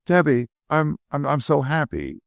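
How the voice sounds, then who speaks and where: Casting: tearful joyful young woman in an audiobook, high and lively, read by a man. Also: measured pace, vocal fry, no room sound, studio quality, exaggerated voice. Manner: emotional, breathless with joy.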